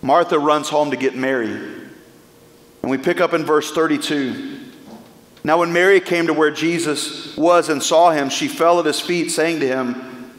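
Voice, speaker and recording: A man's voice: a little high, fairly even intonation, a little slow. A man preaching a sermon as pastor, speaking with impassioned, emphatic pleas. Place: church sanctuary. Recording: echoey church hall.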